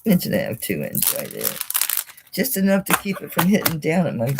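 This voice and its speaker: A woman's voice: low voice, huge pitch swings, fairly quick, vocal fry, noisy background. A middle-aged woman hosting a live jewelry sale, chatty and exclaiming, with mild swearing. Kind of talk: casual live-stream sales talk.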